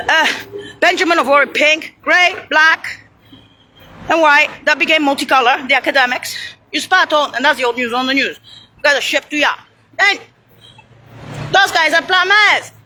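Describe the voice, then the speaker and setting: A woman with a high, bright voice ranting in a heated, rambling monologue. She swings all over her range, swears freely and slips Italian phrases in. A faint hiss of noise sits under her voice. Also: moderate pace, long pauses.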